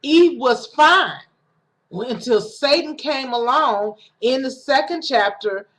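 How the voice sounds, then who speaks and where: Slow and expressive, a woman with a high, fairly bright voice preaches a casual sermon she recorded on her own home setup. She keeps it conversational, with restarts, and acts out quoted lines.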